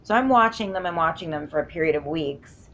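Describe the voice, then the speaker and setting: A woman's voice: deep voice, expressive, fairly quick, a bit bright, dull audio, slight background noise. A woman vlogging from home, telling a long story in a rambling, emphatic way and often interrupting herself. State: sleep-deprived. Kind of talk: casual storytelling vlog.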